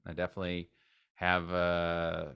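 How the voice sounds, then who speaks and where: A man who is a guest in a casual interview, talking enthusiastically and rambling, with sudden loud acted outbursts. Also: low-pitched, completely flat delivery, a little slow, gravelly, clean tone.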